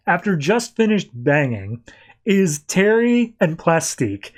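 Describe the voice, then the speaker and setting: A man's voice: high-pitched, big pitch swings, a little slow. A man hosting a podcast, recapping and reviewing comics in a loose, rambling way, often quoting characters offhandedly. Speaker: podcast host.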